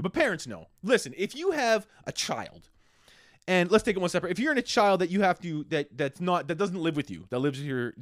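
A man, hosting a casual solo podcast and ranting profanely, swinging between loud outbursts and hushed asides. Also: a little high, no room sound, studio quality. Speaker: podcast host.

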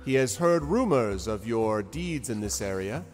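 A man voicing a masked cultist envoy in a fantasy game, speaking slowly and formally. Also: medium pitch, animated, a little mellow, in a large hall, faint music behind, close to an everyday voice. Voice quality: slow, formal, declamatory.

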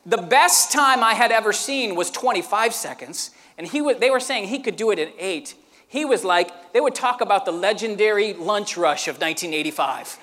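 A man preaching a sermon who tells a lively story and acts it out with sound effects. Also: sits high, moderate pace, in a large hall. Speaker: pastor.

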